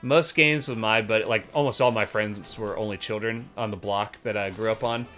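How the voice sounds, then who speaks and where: Bright-voiced man chatting on a game stream. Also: lowish voice, moderate pace. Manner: relaxed, rambling with many fillers. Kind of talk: casual game-stream chat. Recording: faint game music behind.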